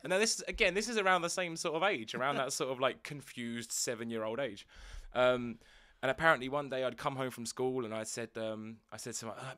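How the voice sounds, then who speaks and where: A man's voice: mid-range voice, brisk, bright, forceful tone. A man co-hosting a podcast, telling self-mocking stories and acting out the voices in them. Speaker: podcast co-host. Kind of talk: casual storytelling chat.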